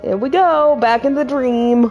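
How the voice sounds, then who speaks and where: A woman's voice: sits high, measured pace, darkish tone, dull audio, soft background music. A woman streamer giving casual, playful, giggly commentary over a game.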